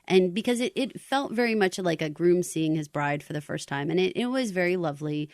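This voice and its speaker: Lively woman podcast co-host. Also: on the low side, dry recording, studio quality. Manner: animated, laughs often, quotes lines in excited voices. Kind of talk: casual chat.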